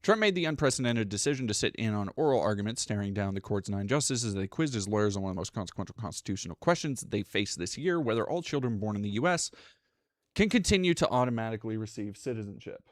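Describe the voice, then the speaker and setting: A man's voice: fairly low pitch, expressive, fast talker, dry recording, clean studio sound. A man streaming live, reading news articles aloud and breaking off into profane, sarcastic asides while thanking chat.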